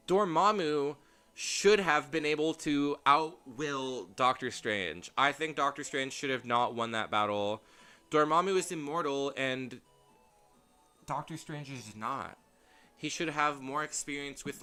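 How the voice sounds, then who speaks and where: A man's voice: a little high, pushed and bright, smooth. A young man casually commentating a game on stream, chatty and rambling, laughing at himself as he goes. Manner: rambling, chatty, self-deprecating with frequent laughs. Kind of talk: casual let's-play commentary. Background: faint game music.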